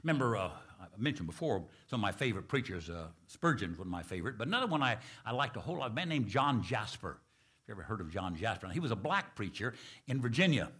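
A man preaching a sermon, telling stories in a folksy, animated way that swings from loud exclamations to hushed tones. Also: fairly low pitch, quick pace, husky. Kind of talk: sermon with storytelling.

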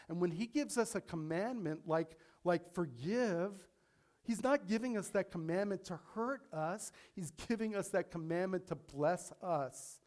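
A man preaching a sermon as pastor, acting out pleas to God with rising intensity and slowing down to stress key points. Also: sits high, darkish tone.

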